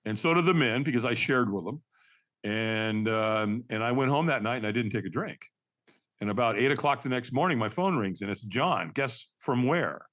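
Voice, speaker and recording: An older man, a podcast guest, telling a personal story in a candid, earnest way and acting out old conversations with lively energy. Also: mid-range voice, normal speed. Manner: animated, acts out remembered dialogue.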